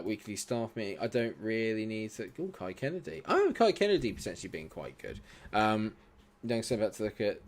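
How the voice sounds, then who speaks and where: A young man streaming a football management game, talking back to the game and his chat and swearing often. He drops into low mutters, then breaks into sudden shouts. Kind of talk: live gaming commentary.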